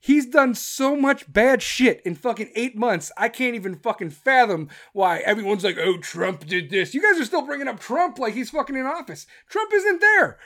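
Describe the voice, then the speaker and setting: A woman in her thirties, a political commentator, launches into an angry, sarcastic rant packed with swearing, mocking others through put-on voices. Her voice sits high with a fairly bright tone.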